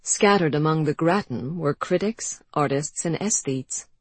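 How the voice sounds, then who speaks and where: An audiobook narrator reading a period novel in a measured, expressive way. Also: mid-range voice, slightly rough, dry recording. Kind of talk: scripted narration.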